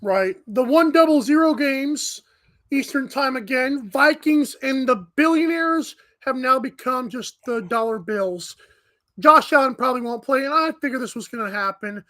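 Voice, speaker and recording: A woman's voice: sits high, expressive, a bit bright. A woman co-hosting a sports radio show, giving betting picks in breezy, joking casual chat. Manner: breezy, jokey, quick asides. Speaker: co-host.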